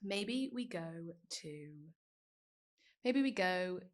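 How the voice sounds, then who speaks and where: A woman in her thirties, a guest on a podcast, telling a story in a lively, animated way and laughing as she goes. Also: fairly low pitch, drawn-out words. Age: 30s. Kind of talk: casual storytelling chat.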